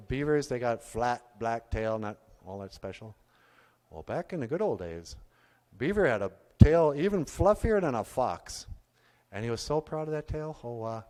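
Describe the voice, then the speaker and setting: A man's voice: medium pitch, a little mellow, long reverb tail. A man telling a folk story live on a stage, with a folksy, chatty delivery full of asides. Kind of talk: live oral storytelling to an audience. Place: arts center stage.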